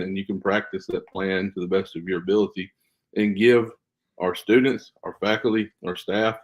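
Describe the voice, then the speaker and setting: A man with a fairly low voice speaks as a guest on a casual podcast. He explains his views in an earnest, emphatic way, like someone who trains school staff.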